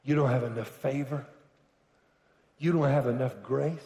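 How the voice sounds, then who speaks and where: A man's voice: mid-range voice, fairly even intonation, moderate pace. Rousing preacher man in an echoey hall. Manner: rousing, builds to shouted declarations. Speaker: pastor. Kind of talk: sermon. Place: large church hall.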